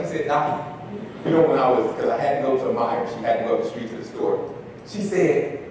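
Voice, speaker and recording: Man telling stories in an echoey hall. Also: a little fast. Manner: animated storyteller, shifts loudness, acts out dialogue. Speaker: speaker at an education talk. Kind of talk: storytelling talk to an audience. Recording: echoey hall, distant mic, faint rumble.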